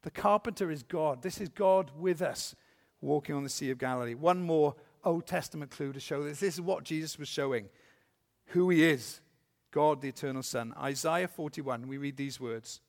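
A male preacher delivering a sermon, with a slightly high voice that carries a gravelly edge. He reads scripture slowly and deliberately, then turns to the listeners with earnest questions. His voice rings out with a long reverb, as in a large church.

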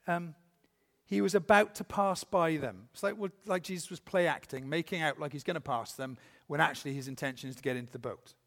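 A male preacher delivering a sermon, with a slightly high voice that carries a gravelly edge. He reads scripture slowly and deliberately, then turns to the listeners with earnest questions. His voice rings out with a long reverb, as in a large church.

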